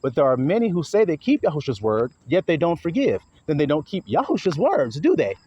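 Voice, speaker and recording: A man's voice: fairly high pitch, wildly swooping pitch, fairly quick, dark tone, slightly rough, lo-fi sound. A man preaching an informal sermon, blunt and profane, acting out quarrels in other voices.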